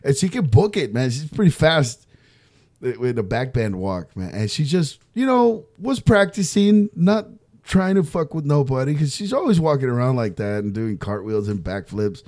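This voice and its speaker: A man's voice: mid-range voice, moderate pace. A man co-hosting a podcast, telling stories in a casual chat and swearing freely. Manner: swears freely, animated storyteller. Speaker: podcast co-host.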